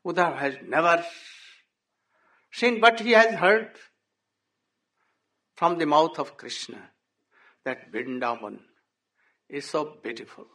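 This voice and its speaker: A man telling a devotional story in halting English, punctuated by frequent "oh" and "hmm?". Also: on the high side, lively intonation, bright, forceful tone. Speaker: religious storyteller.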